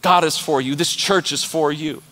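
A man's voice: fairly high pitch, fairly even intonation, moderate pace, fairly bright tone. A man preaching an emphatic, passionate sermon as pastor of his church. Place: church auditorium. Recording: long church reverb with music.

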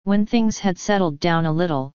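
A woman narrating a novel aloud in steady storytelling. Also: on the low side, normal speed, smooth, dry recording. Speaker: audiobook narrator. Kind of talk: scripted narration. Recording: dull lo-fi audio.

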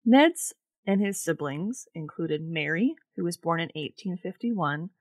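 A woman co-hosting a casual podcast, reading from her notes in a relaxed way. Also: fairly low pitch, a little slow, no room sound. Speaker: podcast co-host, researcher.

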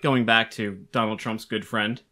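A man's voice: fairly low pitch, steady tone, measured pace, bright, forceful tone. A man co-hosting a podcast in casual chat, explaining facts in a chatty, teasing way. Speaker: podcast co-host.

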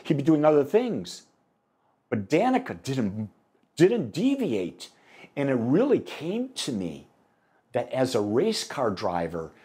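Animated man preaching a sermon. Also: fairly high pitch. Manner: animated storytelling, acts out dialogue. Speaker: minister. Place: church sanctuary.

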